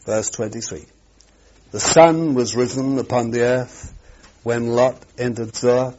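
A man's voice: mid-range voice, fairly even intonation, unhurried, a little hiss or hum. Dramatic preacher man, lo-fi recording. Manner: dramatic, swings from loud exclamations to hushed asides. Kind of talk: sermon. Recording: dull lo-fi sermon recording.

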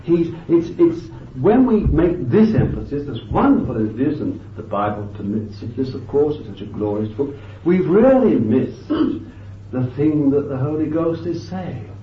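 A man preaching a sermon with fervent emphasis, moving between loud bursts and quiet asides, thinking aloud with restarts and "you see.". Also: on the high side, sing-song, unhurried, distant mic. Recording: dull, lo-fi, echoey and off-mic.

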